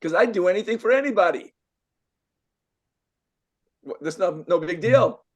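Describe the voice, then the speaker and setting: Emphatic, higher-voiced older man coaching. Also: lively intonation, moderate pace, muffled recording. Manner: emphatic and repetitive, full of rhetorical questions. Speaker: life coach. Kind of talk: motivational talk to a group. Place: event room with a live group.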